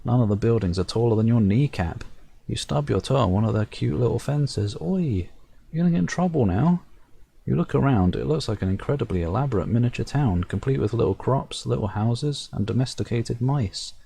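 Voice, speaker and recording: Gravelly, dark-voiced man reading game text. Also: medium pitch, a little fast. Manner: wry asides while reading narration aloud. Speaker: gamer playing a fantasy game. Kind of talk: let's-play commentary reading game text.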